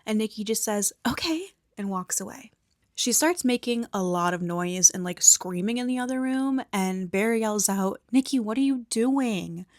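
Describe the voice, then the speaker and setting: A woman recapping a movie in a soft whisper, blunt and opinionated, with some swearing. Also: medium pitch, normal speed, no echo, clean studio sound. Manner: soft unvoiced whisper mixed with quiet speech.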